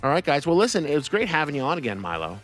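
Fast-talking male radio host. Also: fairly high pitch, huge pitch swings, a bit bright, faint music behind. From United States. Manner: rambling, hesitant, many restarts. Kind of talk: casual radio chat. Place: radio studio.

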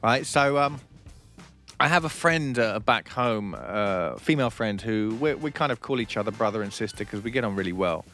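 A man's voice: lowish voice, expressive, moderate pace, a bit bright, faint music behind. Teasing rambling male radio host. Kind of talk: casual comedy radio banter.

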